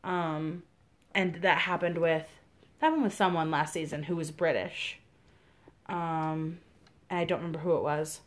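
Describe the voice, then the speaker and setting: A young woman with a Midwestern accent chats casually on a podcast. Her voice sits on the lower side. She talks with easy enthusiasm and lots of fillers. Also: steady tone, moderate pace. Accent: Midwestern American. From American Midwest. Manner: chatty, enthusiastic, many fillers. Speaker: podcast co-host. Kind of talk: casual chat.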